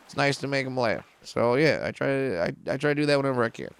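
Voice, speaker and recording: A middle-aged male comedian, telling stories in a casual podcast chat, profane and animated, jumping up in pitch for punchlines. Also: fast, clean tone. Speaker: comedian guest.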